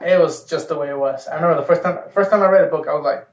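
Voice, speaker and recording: A man's voice: on the high side, rapid-fire, creaky, few pauses. A man hosting a casual film review, talking enthusiastically and rambling, with the odd swear word. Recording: echoey room, far from mic.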